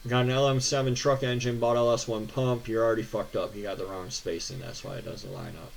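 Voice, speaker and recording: A man's voice: mid-range voice, steady tone, fairly quick, creaky, a little hiss or hum. Profane, ranting American man. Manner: profane, sarcastic, exasperated ranting. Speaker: car channel host. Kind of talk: ranting reaction to viewer posts.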